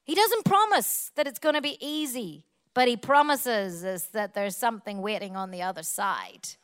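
A woman's voice: medium pitch, normal speed, fairly bright tone, clear, resonant tone. A woman preaching a sermon, emphatic and repetitive, building her points in long spoken lists.

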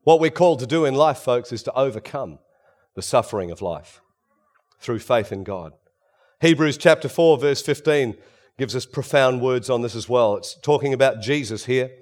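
A man preaching a sermon, swinging between loud emphasis and hushed, quiet passages. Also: medium pitch, lively intonation, moderate pace.

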